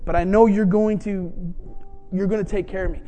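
A man's voice: high voice, fairly even intonation, normal speed, warm tone, soft background music. A man preaching, telling a personal story and acting out the voices of the people in it. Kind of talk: sermon storytelling.

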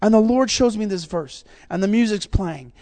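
A man's voice: sits high, lively intonation, normal speed, warm tone. A man preaching a sermon, passionate and building to fervent exhortation.

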